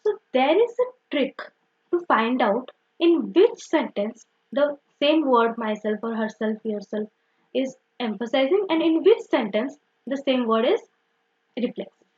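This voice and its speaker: Her voice is high and very lively, bouncing up and down as this young woman patiently teaches grammar. She says "okay" and "so" a lot, repeating and correcting herself, and the audio sounds dull and lo-fi.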